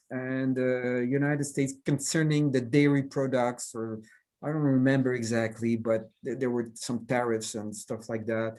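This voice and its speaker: A man's voice: medium pitch, a little mellow. A man with a Québécois French accent, a cartoonist whose first language is French, talking casually over a video call, hesitant and full of fillers and restarts.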